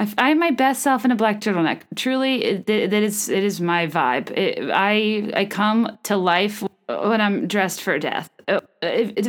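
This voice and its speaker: A woman in her thirties hosting a solo comedy podcast, telling rambling self-mocking stories into a microphone in a small room. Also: mid-range voice. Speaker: podcast host. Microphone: studio microphone.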